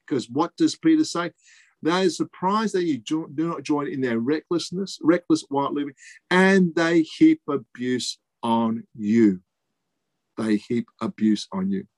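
A man preaching a sermon, emphatic, repeating key phrases and pausing for effect. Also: a little high, no echo.

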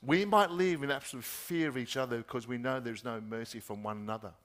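A man preaching a sermon, asking repeated rhetorical questions and dropping his voice soft at key points. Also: medium pitch, fast talker.

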